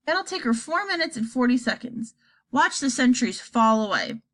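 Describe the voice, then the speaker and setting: A woman voicing an eccentric, chirpy male candy maker in an audiobook, brisk and theatrical. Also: a little high, very animated, a bit bright. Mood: breezy.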